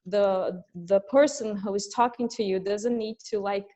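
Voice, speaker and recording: A woman's voice: mid-range voice, fairly even intonation, mellow. A woman English teacher hosting an online class, explaining in casual chat. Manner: explains slowly, with frequent laughs. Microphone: video call. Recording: dull lo-fi video call audio.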